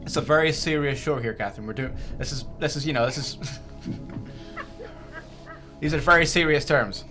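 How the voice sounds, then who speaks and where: A man's voice: on the high side, big pitch swings, moderate pace, long pauses, over music. A man hosting a quiz game on a livestream, teasing and jokey, stumbling over his words as he talks. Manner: teasing and jokey, with many stammered restarts. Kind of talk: playful casual quiz hosting.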